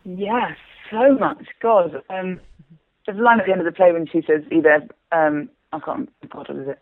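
A woman playwright and performer being interviewed, talking in a rambling, animated way with frequent restarts and laughter. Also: fairly low pitch, moderate pace, dry recording. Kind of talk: casual interview chat. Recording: tinny phone line, dry.

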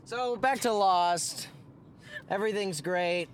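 A man's voice: high-pitched, takes it slowly. A man driving a car while co-hosting a casual podcast, trading wry, teasing banter with his friend. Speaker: podcast co-host and driver. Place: inside a moving car. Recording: car with faint road noise.

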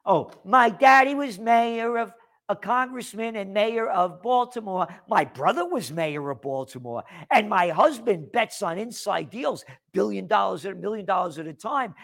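A man's voice: high voice, animated, moderate pace, vocal fry, fairly bright tone, heavily acted. A man mocking a smug, bragging rich older woman. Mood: boastful.

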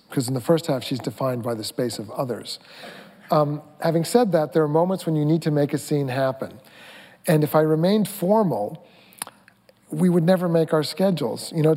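Talkative man on a reverberant stage. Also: medium pitch. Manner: rambling, animated storytelling with many restarts. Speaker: film director, panel guest. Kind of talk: onstage conversation. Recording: hall reverb from a stage talk.

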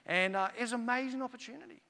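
A man's voice: extremely high pitch, very fast, sharp tone. A man preaching a sermon as pastor, telling stories animatedly and acting out the dialogue. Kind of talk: sermon with personal storytelling. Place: church. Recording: echoey church hall.

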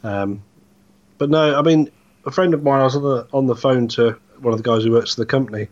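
A man's voice: mid-range voice, fairly quick, highs cut off. A man co-hosting a casual podcast, telling rambling, easygoing stories about his driving work. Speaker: podcast co-host, truck driver. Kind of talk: casual chat.

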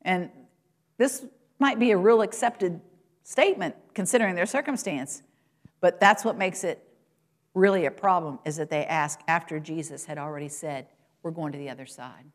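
A woman preaching a sermon to a congregation, asking rhetorical questions and swinging from loud, high exclamations to soft, low asides. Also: normal speed. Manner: rises in pitch and volume for quoted lines and exclamations, drops low and soft at points; addresses congregation directly, asks rhetorical questions.

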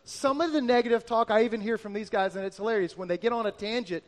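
A man's voice: high voice, fast. A middle-aged man preaching a sermon as a pastor, telling personal stories with earnest, repeated emphatic phrases.

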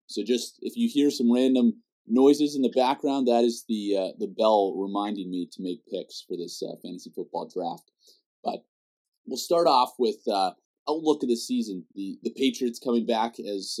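A man with a Canadian accent hosts a podcast interview in a loose, rambling way, filling pauses with plenty of ums and restarts. His voice sits fairly low. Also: warm tone. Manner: rambling, with many fillers and restarts. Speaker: podcast host. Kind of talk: casual interview chat.

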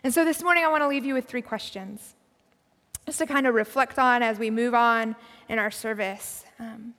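A woman pastor giving a conversational, reflective sermon, often dropping to a soft, quiet voice. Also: a little high, normal speed. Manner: conversational, reflective preaching with soft drops in volume. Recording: long hall reverb.

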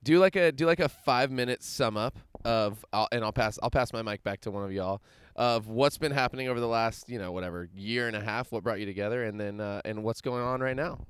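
A man's voice: mid-range voice, brisk, few pauses, smooth. A male podcast host doing a playful, hyped ad read. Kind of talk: energetic ad read. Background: music.

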